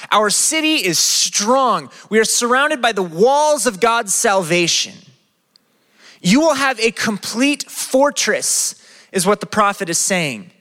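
Guy preaching a sermon, high bright voice, big hall echo, keeps firing questions at the crowd. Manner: lively, asks the crowd many questions. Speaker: pastor. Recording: long reverb of a hall.

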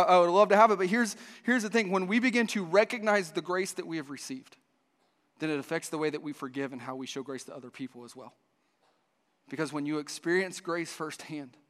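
Heard in a reverberant hall, a pastor preaches with a somewhat bright voice on the high side. He tells a story to the church, starting over often and giving voice to the dialogue.

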